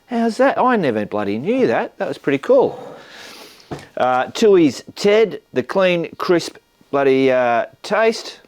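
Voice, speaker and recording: A man's voice: on the high side, big pitch swings, takes it slowly, darkish tone. A middle-aged Australian man hosting a motorcycle vlog, chatting in a blokey way with plenty of swearing, ums and uhs. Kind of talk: casual vlog chat.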